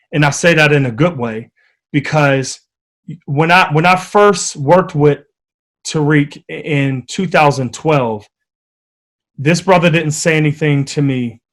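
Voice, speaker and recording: A man with a slightly high voice tells stories as a guest in a casual podcast interview. His delivery is animated and vivid. He comes from the United States.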